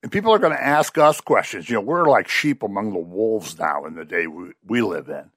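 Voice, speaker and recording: A man preaching a sermon, telling a Gospel story with animated storytelling and quoted voices. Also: on the low side, brisk, no room sound, studio quality.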